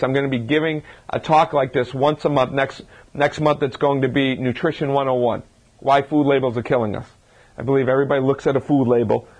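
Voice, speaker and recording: Guy doing a casual health talk to a room, asks the crowd stuff, keeps restarting his sentences, medium pitch. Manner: talks through his points with frequent restarts and rhetorical questions. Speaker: chiropractor giving a health talk. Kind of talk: informal lecture to a live audience.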